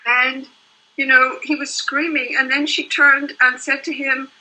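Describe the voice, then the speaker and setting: A woman's voice: sits high, little pitch movement, measured pace, bright, forceful tone, rough recording. An older woman, a couples therapist, explaining her work in earnest, flowing interview answers. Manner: earnest, explains in long flowing runs with "you know" and "right?".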